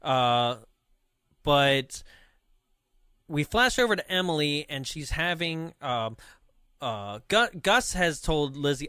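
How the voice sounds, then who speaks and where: Male co-host, bright tense voice, rambling casual recap, dry close mic. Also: mid-range voice, lively intonation, slow pace, smooth, no echo. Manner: rambling, lots of 'like' and 'right?'. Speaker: podcast co-host. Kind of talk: casual chat recapping a film.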